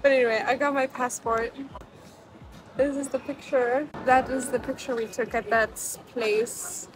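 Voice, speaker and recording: A young woman talks into a handheld phone on a hot street and in a restaurant. She sounds chatty and emotional, with lots of fillers, and her voice sits high. Clear background noise runs under everything. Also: fairly even intonation, unhurried. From South Africa. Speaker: vlogger. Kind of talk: casual vlog chat to camera. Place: outdoors on a hot city street, then a restaurant.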